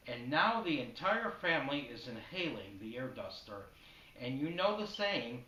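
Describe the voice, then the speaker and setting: A man telling a spoken-word story in a matter-of-fact, deadpan way, heard in an echoey room from a distant mic. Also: fairly high pitch, measured pace.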